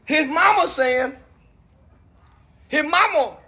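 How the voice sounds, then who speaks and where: A man on a phone livestream delivering a loud, crude, animated comedic rant, laughing often. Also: extremely high pitch, slow. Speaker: livestream commentator.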